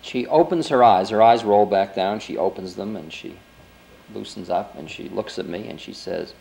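A man's voice: on the low side, normal speed, vocal fry, darkish tone, rough recording. A man in his forties, a spiritual teacher giving a lecture, telling a story in a loose, conversational way full of "you know" and "I mean". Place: lecture before an audience.

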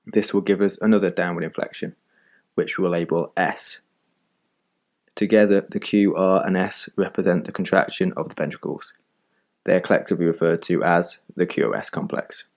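A man narrating an animated medical lesson in a calm, measured, scripted voice-over, recorded close on a studio mic. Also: low voice, gravelly. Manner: calm, measured explanatory delivery.

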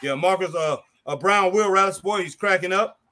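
A man calls out the wrestling he's watching live and reads viewer comments in a loose, chatty way. His voice sits a bit high and sounds bright and forceful. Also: normal speed. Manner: excitable, exclaims at the action. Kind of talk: casual chat, reading viewer comments.

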